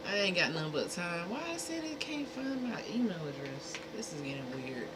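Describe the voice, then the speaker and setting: A woman's voice: fairly low pitch, sing-song, normal speed, heavy background noise. A woman hosting a livestream in casual, blunt talk, speaking straight to her chat. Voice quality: speaking from a dentist's perspective. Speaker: livestream host.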